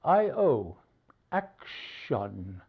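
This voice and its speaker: A man slowly teaching English spelling, pausing between each word he gives as an example. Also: on the low side, very animated, gravelly, breathy edge. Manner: slow, deliberate, pausing between words. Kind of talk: slow spelling lesson. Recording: dull lo-fi recording.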